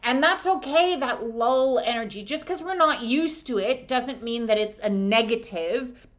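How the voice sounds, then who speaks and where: Middle-aged woman, oracle card reader, casual and chatty, blunt and salty, slightly higher voice. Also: measured pace. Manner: chatty, blunt, swears freely, laughs often. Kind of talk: casual spiritual card reading.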